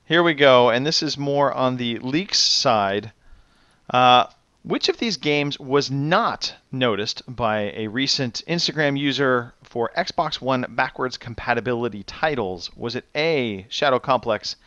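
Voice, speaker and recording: A man hosting a gaming podcast and running a quiz, reading questions slowly and announcing results with enthusiasm. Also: medium pitch, lively intonation, a bit bright, no room sound, highs cut off. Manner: upbeat quizmaster, reads questions slowly and clearly. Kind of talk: casual podcast chat.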